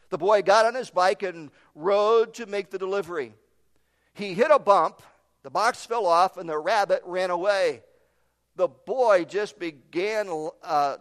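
A man preaching a sermon, emphatic, with his voice swinging between loud proclaiming and quiet drops. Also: high-pitched. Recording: long hall reverb.

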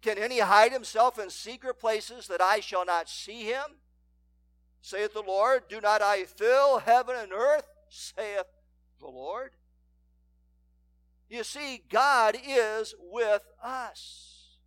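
A man preaching a sermon as pastor, reading scripture aloud and swinging between loud emphatic declarations and hushed asides. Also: high-pitched, slow, no room sound. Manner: reads scripture in King James wording.

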